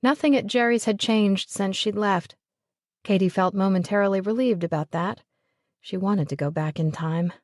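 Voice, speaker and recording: A woman narrating a romance audiobook in an even, measured way. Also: medium pitch, no room sound, clean studio sound. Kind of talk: scripted narration of a romance novel.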